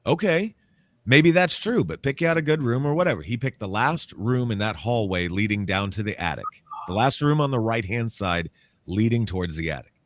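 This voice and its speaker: A man, a paranormal author and interview guest, telling a story in a casual, animated way and acting out the quotes. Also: lowish voice, moderate pace. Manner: animated, acts out quotes, laughs often.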